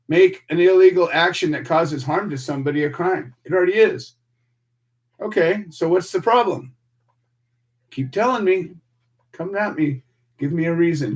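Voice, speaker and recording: A man's voice: a little high, darkish tone. An American man hosting a radio show, delivering a fiery, preachy monologue full of rhetorical questions and emphatic repetition.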